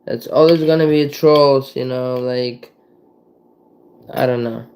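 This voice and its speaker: A man vlogging in a casual monologue, halting and rambling, searching for words with many fillers and restarts. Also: mid-range voice, steady tone, a little mellow, slight background noise, low-quality recording.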